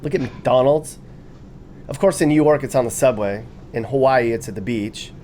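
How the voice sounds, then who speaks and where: A man's voice: medium pitch, moderate pace, dark tone, slight background noise. A man narrating a video with casual, jokey commentary, often laughing and reading quotes aloud with mock enthusiasm.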